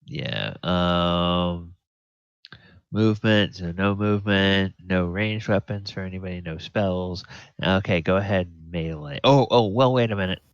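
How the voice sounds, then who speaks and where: A man running a tabletop game as game master, unhurried and thinking aloud with many fillers. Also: sits low, clear, resonant tone, dry recording. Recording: dull lo-fi audio.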